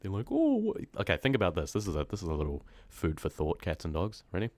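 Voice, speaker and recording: A man with a very low voice chats casually into a close microphone, his nose stuffed up from a cold. He rambles, teases himself and laughs often. The sound is dry, with no room around it. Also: fast talker, no room sound. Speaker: horror story narrator streaming live. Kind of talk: casual live-stream chat, reading comments.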